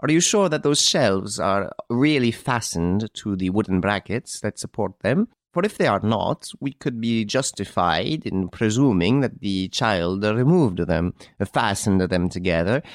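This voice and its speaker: A man with a fairly low voice reads an audiobook, voicing a calm, clever chevalier who explains a theft in a smiling, deliberate way. The studio sound is clean with no echo.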